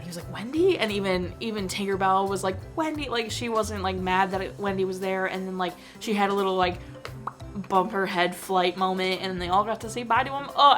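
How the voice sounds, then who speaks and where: A woman's voice: mid-range voice, bright, forceful tone. A young woman vlogger chatting casually about a film she watched, full of fillers and emotional asides. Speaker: movie review vlogger. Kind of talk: casual chat.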